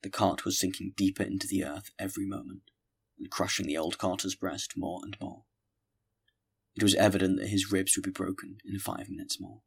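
Deep gravelly male narrator. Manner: measured, steady reading. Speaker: audiobook narrator. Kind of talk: scripted audiobook narration.

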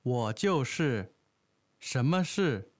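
A woman playing a calm teacher with a very low voice. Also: slow pace, no room sound, clean studio sound, exaggerated voice. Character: calm teacher greeting a visitor in an office. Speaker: dialogue actor. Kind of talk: scripted lesson dialogue.

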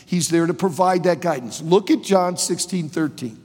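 A man preaching a sermon to students, emphatic and animated, with sudden loud outbursts. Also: high voice, normal speed, breathy edge. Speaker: preacher and college teacher. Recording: long hall reverb.

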